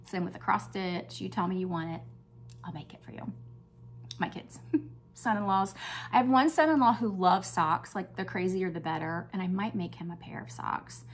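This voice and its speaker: Older lady gushing about her yarn haul, chatty, sometimes goes all hushed, little bit of hum in the background. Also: lowish voice, animated, moderate pace. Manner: chatty and enthusiastic, drops to a hush at times. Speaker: crafting vlog host. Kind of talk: casual show-and-tell chat.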